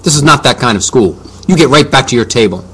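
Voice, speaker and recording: A stern lunch teacher woman from a storybook reading, as a man voices her. She scolds loudly and strictly. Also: mid-range voice, lively intonation, quick pace, husky. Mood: scolding. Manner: scolding, loud.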